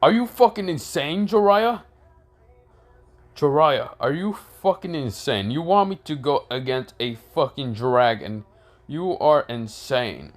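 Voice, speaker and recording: A man voicing a gruff, foul-mouthed giant male toad who shouts and curses in exasperation. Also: fairly high pitch, animated, slow pace, soft background music, pitched above the performer's own voice. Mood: panicked. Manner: loud, cursing, exasperated.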